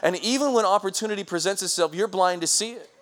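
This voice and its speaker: Energetic man preaching a sermon. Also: high-pitched, fast. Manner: energetic, calls out to the congregation; frequent restarts. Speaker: pastor.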